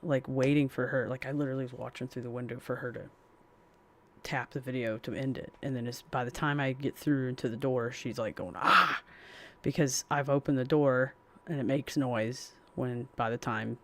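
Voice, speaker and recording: A man's voice: mid-range voice, fairly even intonation, normal speed, a little hiss or hum. A man talking casually to his live-stream audience, rambling and blunt, full of fillers and swearing. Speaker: game streamer.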